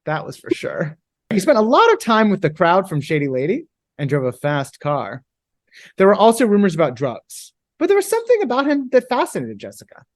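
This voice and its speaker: A young woman co-hosting a podcast, discussing a book and reading its quotes aloud with feeling. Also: low-pitched. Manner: thoughtful, reads quotes aloud in lively voices. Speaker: podcast co-host. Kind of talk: casual book-club chat.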